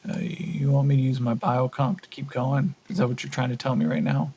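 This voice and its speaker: A man's voice: medium pitch, steady tone, fairly quick, dark tone, a little hiss or hum, natural voice. A man playing a blunt, exasperated male fighter. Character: angry, defiant male fighter.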